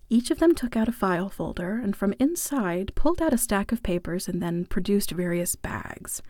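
Woman narrator, mid pitch, wry and playful first-person storytelling with whispered asides, dry close mic. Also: lively intonation, normal speed, hardly any pauses, a little mellow, dry recording.

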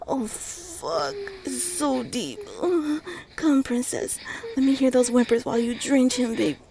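Woman doing a sultry bossy lover, slow breathy whispers, bit high but mellow, intimate audio role-play. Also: animated. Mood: heated. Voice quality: breathy, often whispered, moaning. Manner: slow, coaxing and directive.

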